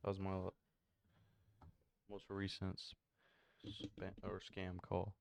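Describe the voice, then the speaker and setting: Male co-host, low laid-back voice, trails off, dry close sound. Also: completely flat delivery, slow pace, creaky, darkish tone, no echo. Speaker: podcast co-host. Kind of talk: casual chat.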